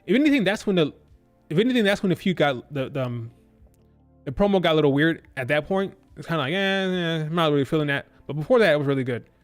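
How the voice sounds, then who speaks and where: A man's voice: on the high side, animated, fast talker, soft background music. A man casually reviewing a wrestling show on a live stream, rambling with lots of fillers. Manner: rambling, filler-heavy, loose and conversational.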